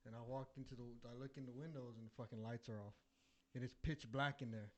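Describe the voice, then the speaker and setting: A man's voice: mid-range voice, fast talker. A young man, cursing freely as he tells a story in a casual podcast chat. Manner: animated, swears a lot, builds suspense. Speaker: podcast co-host.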